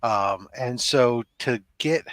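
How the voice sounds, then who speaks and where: A man on a video call, rambling in halting restarts on a geek news panel. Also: medium pitch, fairly bright tone, dry recording. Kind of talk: casual chat.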